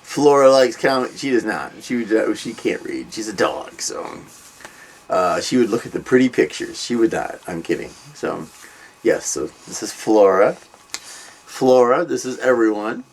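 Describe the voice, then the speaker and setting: An older man hosts a casual comic book vlog in a lowish voice. He rambles at an easy pace, dotting his talk with ums and drifting into side remarks. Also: expressive, unhurried, slightly rough. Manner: rambling, with many ums and trailing asides. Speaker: comic book review host.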